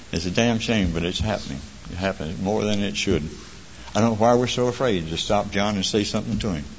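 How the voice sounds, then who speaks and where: An older man, a folksy, joking storyteller speaking at a recovery meeting. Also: medium pitch. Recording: dull echoey hall recording.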